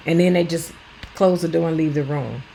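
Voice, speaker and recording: Gravelly and dark-toned, this woman's low voice runs fairly quick as she, a lifestyle vlogger in her fifties, talks casually while cleaning at home. Her manner is earnest and plainly blunt; the audio is poor, with a slight hiss or hum.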